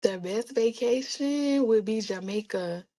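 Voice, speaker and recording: An influencer with a voice on the high side, speaking a little slowly, chats casually in an interview over poor audio. She tells animated stories, often slipping into playful voices and laughing.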